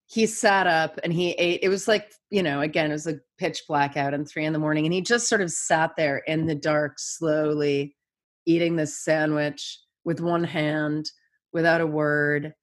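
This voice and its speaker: A woman in her thirties with a slightly low voice talks in a loose, conversational way. She tells stories with lively acted-out quotes. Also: normal speed. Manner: animated storyteller, acts out quotes. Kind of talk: casual chat.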